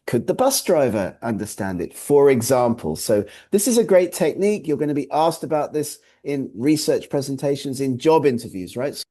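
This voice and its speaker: A man's voice: medium pitch, lively intonation, moderate pace, few pauses, warm tone. A man co-presenting a webinar over a video call, giving emphatic, instructive presentation tips and repeating his key points. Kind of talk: presentation training talk.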